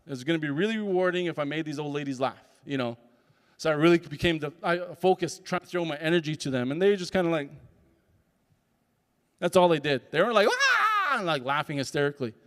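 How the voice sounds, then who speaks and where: A man's voice: a little high, fast. A man, a speaker and comedian, telling a personal story at a summit and acting out the dialogue with animation. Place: large conference hall. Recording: long hall reverb.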